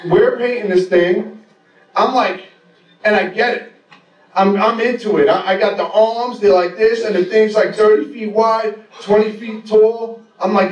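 An adult man on stage tells a rambling, profane, self-mocking story to a live audience, his high voice steady in tone and moderate in pace. The roomy venue is picked up by a distant mic with the highs cut off, and audience laughter sounds in the background.

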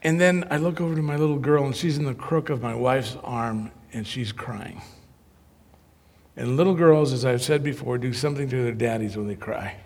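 A man preaching through a humorous personal story, animated and self-mocking. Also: medium pitch, normal speed, big-room sound.

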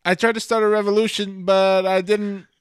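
A man puts on a gentle male rock-creature gladiator with a soft New Zealand lilt, pitched well above his own voice. He speaks in a friendly, laid-back, almost mumbled way, in a dry, close recording. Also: little pitch movement, moderate pace, smooth, no echo, close to an everyday voice.

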